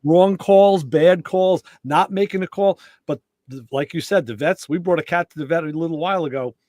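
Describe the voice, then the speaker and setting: Animated, storytelling male podcast host. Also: on the high side, moderate pace, dry recording. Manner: storytelling, animated, acts out quoted dialogue. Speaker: show host. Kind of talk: casual podcast conversation.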